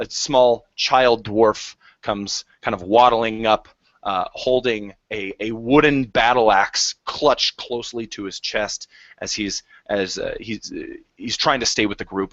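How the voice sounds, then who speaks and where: A man running a tabletop game as its game master, describing each scene in a halting way with frequent fillers. His voice is fairly low, and the recording is dry and dull, with a lo-fi quality. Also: steady tone, fairly bright tone, no room sound.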